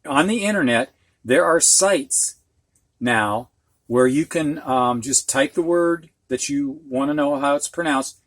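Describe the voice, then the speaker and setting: A man's voice: fairly high pitch, unhurried, a bit bright, no room sound. A man teaching a recorded reading lesson, patiently breaking long words into syllables and giving example sentences.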